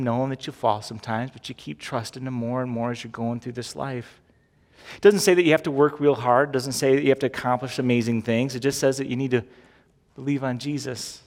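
A man preaching a sermon as pastor, talking conversationally and asking the congregation direct questions. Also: mid-range voice. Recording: long hall reverb.

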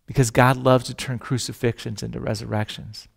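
Gravelly pastor preaching in a hall. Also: male voice, medium pitch, level tone, a little fast. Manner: storytelling with jokes, acts out voices in quotes. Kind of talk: sermon.

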